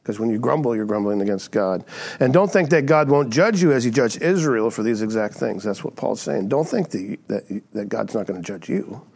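A man's voice: on the low side, expressive, moderate pace, creaky, a little mellow. A male pastor giving a sermon in a conversational teaching style, often checking in with the congregation with a rhetorical "right?".

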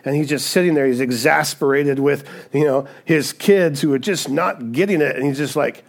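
A man's voice: on the high side, moderate pace, gravelly, few pauses. Conversational male pastor preaching. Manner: conversational, frequent "right?" tag questions; animated, acts out quoted voices. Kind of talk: sermon.

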